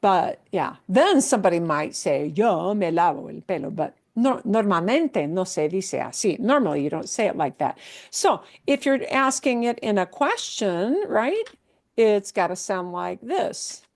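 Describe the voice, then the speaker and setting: A woman's voice: mid-range voice, big pitch swings. A woman teaching a Spanish lesson, explaining patiently and often checking in with her students, mixing English with Spanish examples. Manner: slow, patient explaining with many checks like "right?". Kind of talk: live language lesson.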